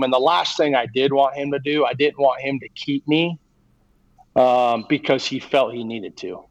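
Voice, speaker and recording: A middle-aged man, a baseball coach being interviewed, telling a long personal story in a halting way with many fillers and restarts. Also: mid-range voice, steady tone, dull audio.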